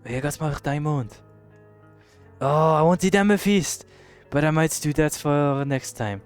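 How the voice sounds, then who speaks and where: A young British man commenting casually on a game he is playing, swearing and reacting loudly to what happens on screen. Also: a little high, lively intonation, unhurried, smooth, soft background music. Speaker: streamer.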